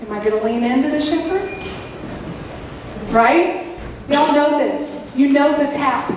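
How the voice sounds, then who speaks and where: A high-pitched woman preaches, telling folksy stories unhurriedly and turning to the congregation with playful asides. Her voice comes from a distance and echoes through a large hall, with clear room noise behind it. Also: unhurried. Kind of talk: sermon. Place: church sanctuary.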